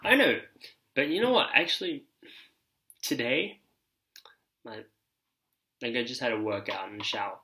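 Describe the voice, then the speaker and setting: A man reviews fragrances in a loose, meandering chat. He talks slowly, with plenty of fillers and side remarks. His voice has a bright, forward tone. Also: medium pitch, big pitch swings, low-quality recording. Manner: loose, filler-heavy, reads reviews aloud. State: ears ringing after a shower. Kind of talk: casual rambling chat.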